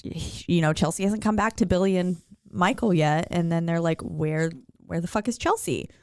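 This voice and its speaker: A woman's voice: lowish voice, normal speed, a little mellow, no room sound. A woman co-hosting a podcast in casual chat, recapping a film, laughing often and swearing as she quotes the characters. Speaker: podcast co-host.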